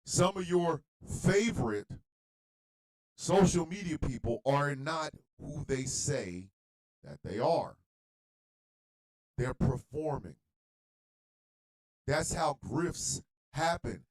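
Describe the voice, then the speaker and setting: A man hosting an internet radio show, delivering a blunt, profane monologue rant that swings between low muttering and shouting. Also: animated, slow pace, pauses often, low-quality recording.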